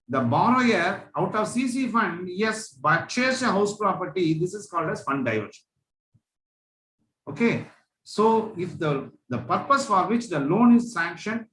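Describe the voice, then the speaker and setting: A man's voice: high voice, a bit bright, slight background noise. A man with an Indian English accent, a chartered accountant giving a seminar talk to students, sternly telling audit stories. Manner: stern, admonishing storyteller. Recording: echoey hall.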